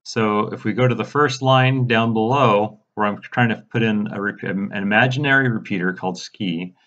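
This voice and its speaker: A man giving a casual step-by-step software tutorial, walking viewers through settings in a mildly exasperated way. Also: on the low side, normal speed, muffled recording. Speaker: radio programming instructor. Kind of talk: screen-recorded software tutorial.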